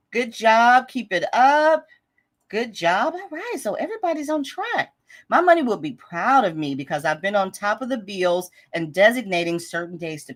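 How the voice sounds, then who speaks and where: A woman's voice: mid-range voice, a bit bright. A woman hosting a live budgeting stream, chatting casually and reading viewer comments aloud in an upbeat, encouraging way, laughing often.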